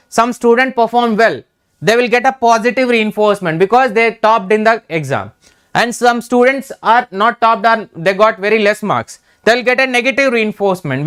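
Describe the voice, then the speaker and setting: A man's voice: high voice, fairly bright tone, clean tone. A middle-aged man with an Indian English accent, teaching an exam revision lecture, repeating key terms and checking in with "right?".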